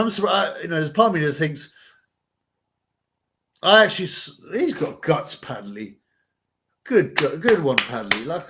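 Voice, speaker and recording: A man hosting a casual live watch-along, commenting and reading chat in a rambling, crude way. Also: a little high. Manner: crude, rambling, chuckling at his own jokes. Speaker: livestream host.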